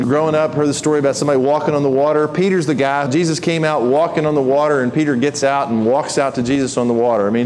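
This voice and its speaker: A man preaching a sermon in a conversational, animated way, acting out the people he quotes in his own voice. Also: fairly high pitch, slight background noise.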